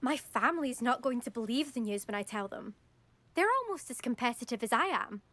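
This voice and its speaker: A woman's voice: a little high, lively intonation, fairly quick, a bit bright, no room sound. An actress playing a proud, competitive young witch student, confident and teasing. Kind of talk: video game dialogue.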